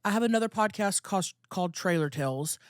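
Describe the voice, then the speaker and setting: A woman's voice: medium pitch, expressive, a little fast, dry recording. Brief: woman, podcast co-host, playful laugher, dry close-mic sound. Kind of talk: casual chat.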